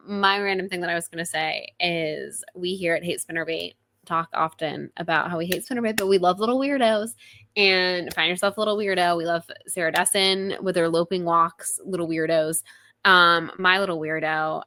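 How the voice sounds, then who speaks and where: A young woman co-hosting a podcast, chatting casually in rambling stories with quick self-deprecating asides. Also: on the low side, pushed and bright. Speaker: podcast co-host.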